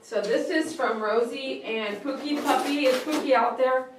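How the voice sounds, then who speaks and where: A woman's voice: high voice, normal speed, few pauses, reverberant, background noise. A woman hosting a live stream, opening gifts in an emotional, tearful way and laughing often. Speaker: host of a pet grooming channel.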